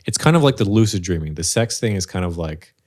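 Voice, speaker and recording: Low-voiced man joking on a podcast. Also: lively intonation, fast, darkish tone. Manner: playful, joking, swears freely. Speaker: podcast host. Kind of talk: casual chat.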